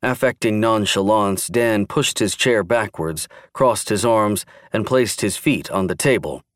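A man narrating a thriller audiobook in steady, measured scripted narration. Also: fairly low pitch, no echo, studio quality.

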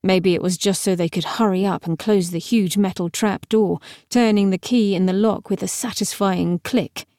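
A woman narrates a novel in a measured, expressive manner. Her voice sits in a middle register. The recording is close and completely dry. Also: mid-range voice, dry recording. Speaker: audiobook narrator. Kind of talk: scripted narration.

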